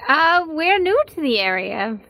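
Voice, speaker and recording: A woman takes part in a tabletop game, answering in a hesitant, halting way. Her voice sits a little high. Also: sing-song, creaky, pushed and bright, dry recording. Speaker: player. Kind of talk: playing a character in a tabletop game.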